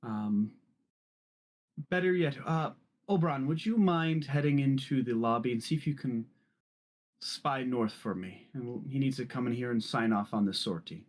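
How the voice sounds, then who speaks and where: A man voicing a proud, formal male corporate official who speaks slowly and politely in a tabletop game. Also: mid-range voice, lightly acted.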